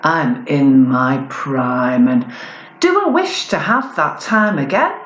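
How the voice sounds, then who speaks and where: A woman performing spoken-word poetry in a slow, deliberate, expressive way at a live gig. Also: rumbling low, roomy sound, lo-fi sound. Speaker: performance poet.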